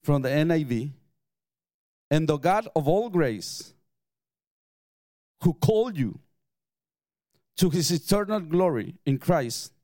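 A man's voice: a little high, lively intonation, takes it slowly, pauses often, warm tone, no echo. A middle-aged man, preaching a sermon in an emphatic way and mixing in personal stories with light chuckles. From Mexico. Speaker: pastor.

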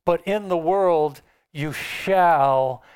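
Slow, clear-voiced preacher man. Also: fairly high pitch, darkish tone. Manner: asks the congregation questions and answers them; unhurried and emphatic, with filler restarts. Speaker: pastor. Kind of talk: sermon.

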